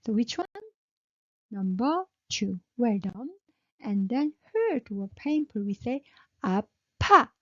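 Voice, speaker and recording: A woman's voice: fairly high pitch, very animated, slow, dark tone. A woman with a Korean accent teaching Korean pronunciation, modelling syllables and praising the learner. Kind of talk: pronunciation lesson. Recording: dull lo-fi sound.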